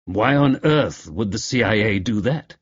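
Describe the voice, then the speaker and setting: Man doing a quiet, polite man. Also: on the low side, expressive, measured pace, slightly rough, lo-fi sound.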